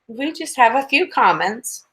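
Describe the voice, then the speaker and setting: A woman co-hosting a live stream, reading viewer comments aloud in a plain, steady way with a few hesitant fillers. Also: on the high side, a little slow.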